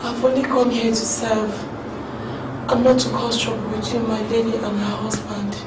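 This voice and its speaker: An actress playing a poor, humble palace maid who speaks in a timid, deferential, pleading way. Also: female voice, a little high, level tone, normal speed, very noisy, lightly acted.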